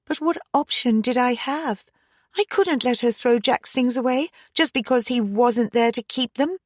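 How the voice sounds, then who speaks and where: A woman voicing a young married woman in an audiobook, sharp and pleading with her father. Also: fairly high pitch, a little slow, no echo, clean studio sound, voice pushed up. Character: young married woman, angry and hurt daughter.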